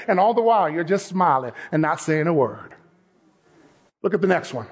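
A male pastor in full sermon, his voice pitched high with a gravelly edge. He reads scripture, then presses the point home to the congregation, building into shouted calls to action. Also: lively intonation, normal speed, pauses often. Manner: emphatic preaching that swells into shouts; mixes scripture reading with direct exhortation.

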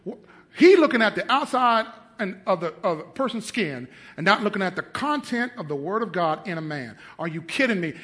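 A male pastor preaching to his congregation in a high, bright voice that swings widely in pitch. He tells his story by acting out the people he quotes and presses his points home with rising, emphatic bursts. Now and then he stops to quiz the listeners with questions. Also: sing-song, fairly quick. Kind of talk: sermon.

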